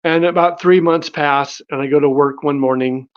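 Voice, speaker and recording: A man casually telling his life story, animated, with many fillers and restarts. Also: fairly high pitch, normal speed, lo-fi sound. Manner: animated, acts out quoted dialogue in his own voice.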